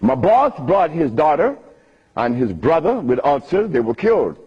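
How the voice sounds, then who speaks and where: A man's voice: a little high, very animated, normal speed, husky. A man giving a storytelling talk to an audience, emphatic and chuckling through his asides. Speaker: speaker at a Q&A talk. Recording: dull lo-fi recording.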